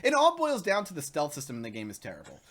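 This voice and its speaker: A man co-hosting a live gaming talk show, telling a long story in casual chat and acting out the shouting characters as he goes. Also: a little high, fast. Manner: excitable, acts out shouting characters mid-story.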